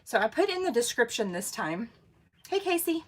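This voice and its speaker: A woman's voice: fairly high pitch, sing-song, moderate pace. A woman, hosting a casual craft livestream, bubbly, laughing often and greeting viewers by name. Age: 40s.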